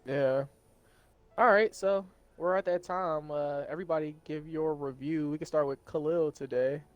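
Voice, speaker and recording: A man's voice: on the high side, steady tone, moderate pace, clear, resonant tone, no echo, lo-fi sound. Upbeat man hosting a casual chat. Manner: upbeat, leads the round of reviews. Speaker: podcast host.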